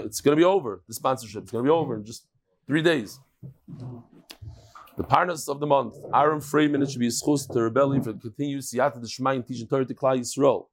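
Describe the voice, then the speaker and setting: A hoarse man with a cold leads a relaxed daily Talmud class, his voice sitting at an ordinary middle pitch. He talks in a chatty, easygoing way and tosses quick asides to the people around him. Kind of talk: casual Talmud lesson.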